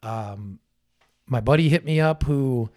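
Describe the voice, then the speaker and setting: A man in his thirties, talking in a loose, relaxed way with plenty of swearing and fillers. His voice sits at an ordinary middle pitch. He tells stories in a casual podcast chat. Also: slow pace. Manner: laid-back, heavy swearing, lots of fillers. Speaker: brewery owner guest.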